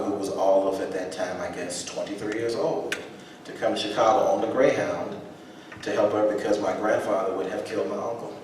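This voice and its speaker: Low-voiced man telling a story in a hall. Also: slight background noise. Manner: halting, reflective, restarts often. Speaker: spoken-word performer. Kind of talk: live spoken-word storytelling reading. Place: theater stage, live event. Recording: echoey hall from far off.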